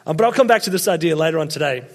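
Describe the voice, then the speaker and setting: A man's voice: on the high side, animated, rapid-fire. Chatty Australian young man preaching. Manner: chatty, self-deprecating storyteller. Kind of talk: casual sermon with personal stories. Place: church hall with congregation.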